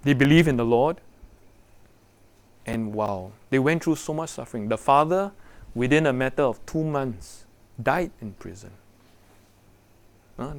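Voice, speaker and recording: A man preaching a sermon to young people, animated and full of rhetorical questions. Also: mid-range voice. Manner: animated, rhetorical questions, acts out quoted voices.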